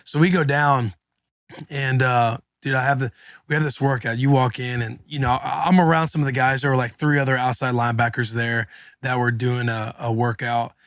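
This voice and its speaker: A man co-hosting a casual podcast, recounting events in loose, slangy bursts. His voice is mid-pitched and sits right on a dry, close microphone with no room sound. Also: no room sound. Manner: animated, slangy, quick retelling with acted quotes. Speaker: podcast co-host. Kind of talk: casual storytelling chat.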